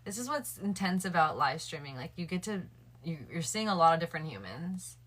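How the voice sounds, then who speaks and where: A woman's voice: lowish voice, sing-song, a little fast, a bit bright. A woman livestreaming late at night, chatting casually with her viewers and thinking aloud. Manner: chatty, addresses her viewers and chat directly.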